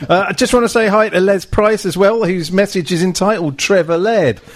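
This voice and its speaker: A man's voice: high-pitched, a little fast, a little hiss or hum. A man co-hosting a football podcast, laughing easily and telling rambling anecdotes. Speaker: podcast co-host. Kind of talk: casual chat.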